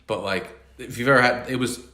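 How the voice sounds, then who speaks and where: A man's voice: mid-range voice, a little fast, bright, forceful tone. A young man with a New York accent, a comic telling a long profane story in casual podcast chat. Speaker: podcast host. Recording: echoey room.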